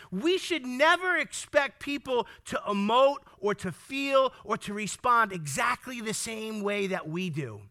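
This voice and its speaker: A man's voice: high-pitched, sharp tone. A man preaching a sermon, speaking emphatically, firing questions at the congregation, repeating key lines and stumbling over words when worked up.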